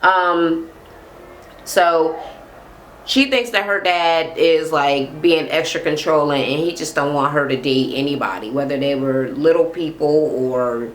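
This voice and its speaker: A woman's voice: sits low, unhurried, a little hiss or hum. A woman recapping a reality show on her channel, blunt and heavy on profanity, acting out what people said. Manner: animated storyteller acting out quotes. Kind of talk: casual recap rant.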